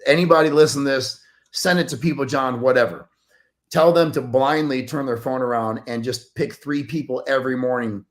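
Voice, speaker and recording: A man's voice: medium pitch, normal speed. A man speaking as a podcast guest, telling an earnest story in an emphatic, motivational way. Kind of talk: animated storytelling.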